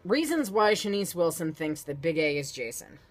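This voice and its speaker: A woman's voice: fairly low pitch, big pitch swings, moderate pace. A young woman co-hosting a vlog in casual chat, blunt and sarcastic. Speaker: vlog co-host.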